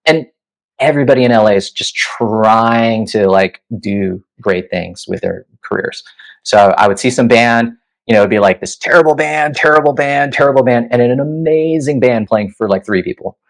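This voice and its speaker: A man in his thirties speaks at a normal speed, his low voice carrying vocal fry over a rough recording. He's a guest musician recounting lively anecdotes in a casual interview, with plenty of "like" and "you know."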